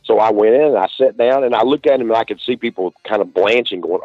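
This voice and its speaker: A man with an East Texas accent, an author being interviewed, telling stories in a relaxed drawl with many restarts. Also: lowish voice, quick pace, dry recording. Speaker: author guest. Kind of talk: casual interview talk. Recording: dull lo-fi dry stream audio.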